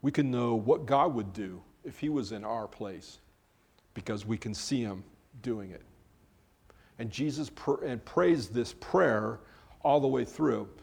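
Male pastor, mid-pitched voice, relaxed conversational sermon delivery to a small congregation. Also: a little slow, vocal fry, slightly rough. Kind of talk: sermon on a Bible passage.

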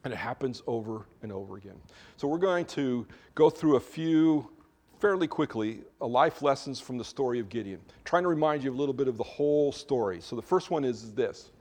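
Male pastor, mid-pitched, chatty sermon delivery, restarts mid-sentence, easy humor. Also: expressive, fairly quick, darkish tone. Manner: informal, self-correcting, joking asides. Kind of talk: conversational sermon.

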